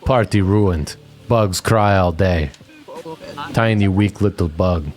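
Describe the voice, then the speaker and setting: A man's voice: low-pitched, takes it slowly, a little mellow, faint music behind. A man voicing a tiny, heartbroken bug performer who speaks in short, broken phrases.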